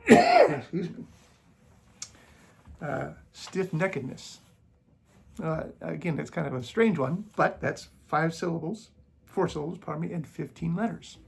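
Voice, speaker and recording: A man talks straight to camera for his channel, his voice gravelly with a husky, rough edge. He argues against critics in a sarcastic, mocking tone and breaks off to cough now and then. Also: fairly high pitch. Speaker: YouTube channel host. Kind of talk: casual commentary.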